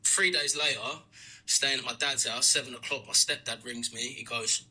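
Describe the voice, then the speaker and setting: A British man with a very bright, ringing tone reads a listener's mishap aloud on a podcast. He tells it with comic energy and breaks into laughter as he goes. His voice sits at a middling pitch. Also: normal speed, poor audio. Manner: lively comic storytelling with laughs. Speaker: podcast host. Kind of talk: reading out a listener's story.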